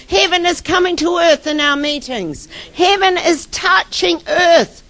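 A woman preacher telling miracle stories in a sermon, with emphatic exclamations. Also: high-pitched.

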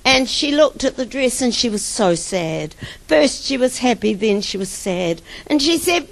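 A woman's voice: on the high side, animated, measured pace, gravelly. A woman preacher telling miracle stories in a sermon, with emphatic exclamations.

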